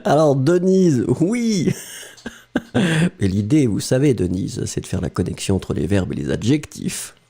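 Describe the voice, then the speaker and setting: A man's voice: medium pitch, sing-song, a little slow, vocal fry. A man with a French accent teaching a live online language lesson, explaining patiently and greeting viewers by name.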